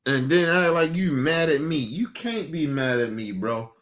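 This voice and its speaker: A man's voice: fairly high pitch, animated, unhurried, fairly bright tone. Man ranting heatedly on a stream. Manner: heated, profane, repetitive ranting. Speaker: stream host. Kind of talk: casual stream rant.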